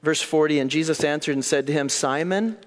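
A man preaching a sermon, telling the story in an animated way that swings between hushed and excited. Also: on the high side, fast talker. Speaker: pastor. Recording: long hall reverb.

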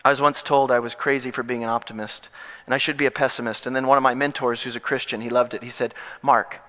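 A male pastor giving an animated, emphatic sermon that mixes in jokes. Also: mid-range voice, fast talker. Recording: long echo in a large hall.

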